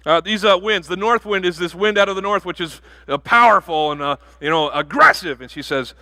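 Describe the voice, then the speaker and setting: A pastor giving a sermon in a church, animated and jokey, with bursts of loud emphasis. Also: male voice, high voice, fast, few pauses. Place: church sanctuary.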